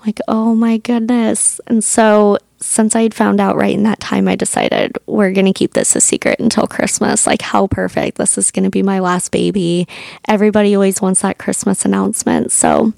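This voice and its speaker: A woman in her thirties telling a personal story on her podcast, chatty and animated, with lots of "like" fillers. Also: medium pitch, moderate pace, creaky, no echo, clean studio sound. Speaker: podcast host, doula.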